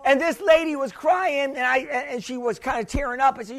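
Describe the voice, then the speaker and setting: A male pastor preaching with a strikingly high voice. He hammers points home with repetition and calls for an amen. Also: moderate pace, few pauses, a bit bright. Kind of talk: sermon.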